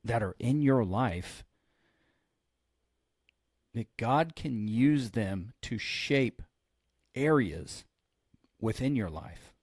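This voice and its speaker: Speaking in a mid-range voice, a man who pastors and hosts a podcast draws out his words and pauses often while telling a story in casual chat. He animatedly performs each character's quoted lines, and the studio sound is clean with no room echo.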